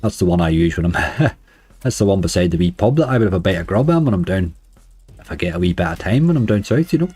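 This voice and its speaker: A hoarse man with a Northern Irish accent, chatting casually to viewers on a live stream. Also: low voice, lively intonation, fast talker, mellow, no echo, faint music behind. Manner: chatty, uses "wee" and "like" often. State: hoarse, dry throat. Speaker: slots streamer.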